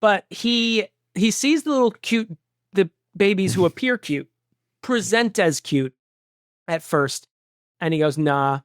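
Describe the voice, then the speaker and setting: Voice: medium pitch, expressive, a little slow, dry recording, clean studio sound. A podcast co-host in casual chat, rambling through nerdy asides and laughing often. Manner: rambling, self-described nerd logic, laughs often.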